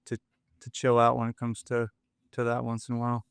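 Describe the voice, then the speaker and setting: A man's voice: medium pitch, monotone, fairly quick, gravelly, clean tone, no room sound, clean studio sound. A man talking as a guest on a podcast, hesitant with many fillers and holding back frustration. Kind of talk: casual podcast chat.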